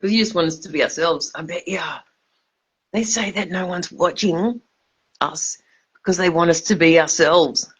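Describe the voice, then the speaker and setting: A woman's voice: fairly low pitch, moderate pace, breathy edge. A drunk woman, rambling and swearing emphatically on a livestream, stumbling over her words.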